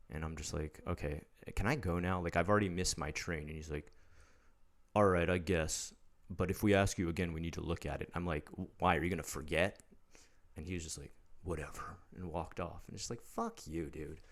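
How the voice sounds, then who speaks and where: A man with a very low voice tells a story casually. He sounds blunt and exasperated, with a mocking edge. He is in his thirties. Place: living in Japan.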